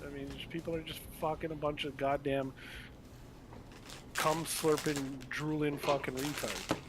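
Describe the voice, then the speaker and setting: A man's voice: a little high, little pitch movement, a little slow, noisy background. Profane, blunt male streamer. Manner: profane, blunt, rambling with restarts. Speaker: livestream host. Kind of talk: casual ranting chat. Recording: game music playing behind. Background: game music.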